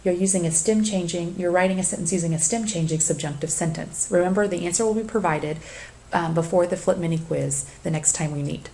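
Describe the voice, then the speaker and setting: A woman's voice: lowish voice, gravelly, mellow, slight background noise. Woman teacher reciting verb conjugations. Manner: deliberate, reads conjugations aloud in lists. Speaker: Spanish teacher. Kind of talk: recorded flipped-classroom lecture.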